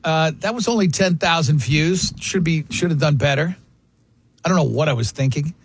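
Husky-voiced chatty male sports radio host. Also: on the high side, normal speed. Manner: chatty, self-deprecating, rambling storyteller. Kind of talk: casual sports radio banter.

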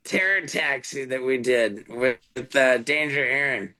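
A man talking as a guest over a video call, halting and full of fillers as he tells a story. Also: mid-range voice, sharp tone, poor audio. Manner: halting, lots of fillers and restarts, laughs along.

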